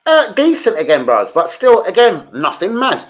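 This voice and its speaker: A man's voice: sits high, huge pitch swings, normal speed. A man chatting casually on a football fan vlog, rambling and full of slang and swearing. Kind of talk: casual livestream chat.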